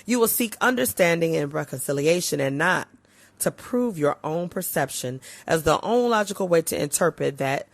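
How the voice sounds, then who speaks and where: A woman podcast host reading aloud from a relationship book, with expressive swings in pitch and loudness. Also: normal speed, dry recording.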